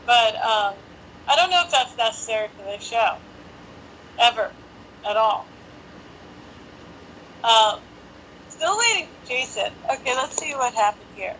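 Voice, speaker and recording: A woman's voice: fairly high pitch, animated, a little slow, long pauses, a bit bright, slight background noise, low-quality recording. A woman hosting a casual live stream from her apartment on a phone. She chats and jokes to herself while she waits for guests. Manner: chatty, joking, talks to herself while waiting. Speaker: host. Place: home apartment.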